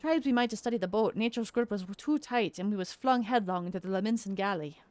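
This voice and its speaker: A woman's voice: mid-range voice, quick pace, a little mellow, no room sound, lightly acted. A woman voicing a worried young male dockhand in a put-on rustic seafaring accent with old-fashioned folksy dialect. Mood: earnest.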